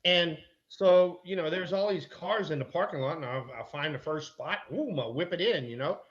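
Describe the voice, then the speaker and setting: A middle-aged man, a former ballplayer and guest, telling an animated anecdote with mild swearing. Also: a little high, moderate pace, lo-fi sound. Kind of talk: casual chat, storytelling.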